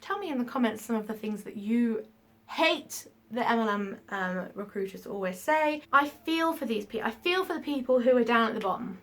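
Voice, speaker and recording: A woman's voice: fairly high pitch, animated, moderate pace. A woman vlogging to camera with a frank, emphatic, ranting delivery, swearing when she gets heated. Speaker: YouTuber. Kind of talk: casual vlog rant.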